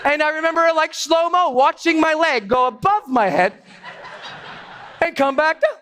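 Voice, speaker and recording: A man telling a comic story to an audience from a stage, animated and prone to loud outbursts. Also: very high voice, normal speed. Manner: animated, bursts into loud exclamations. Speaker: stage speaker.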